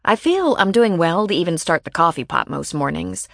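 A woman reading a first-person audiobook in a measured, even storytelling manner, on a close studio mic. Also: lowish voice, gravelly, no room sound. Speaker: audiobook narrator.

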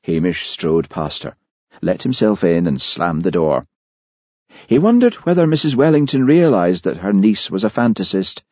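A male audiobook narrator telling the story in a measured way. His voice is very low, dark and husky, with lively rises and falls. The recording is dry and dull. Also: no echo. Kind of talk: scripted narration.

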